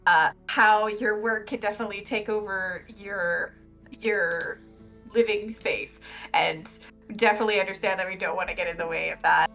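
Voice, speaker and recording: A woman playing her character at a tabletop game, speaking softly and politely, repeating words as she goes. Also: mid-range voice, poor audio. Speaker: player. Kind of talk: in-character tabletop role-play.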